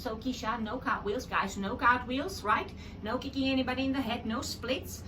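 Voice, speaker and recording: A woman's voice: a little high, moderate pace, distant mic, background noise. A woman teaching a children's drama lesson at home, coaxing and encouraging. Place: home room with her child.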